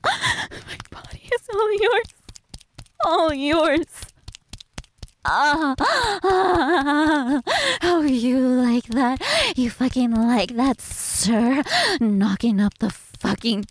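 A woman voicing a submissive, flustered young housewife in an adult audio role-play, breathy and pleading. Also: sits high, a little hiss or hum, heavily acted.

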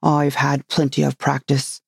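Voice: mid-range voice, level tone, measured pace, vocal fry, husky, no echo, studio quality. A storybook reader voicing a grave, muddled old knight who rambles proudly about his own inventions. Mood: earnest. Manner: grave, rambling, self-satisfied.

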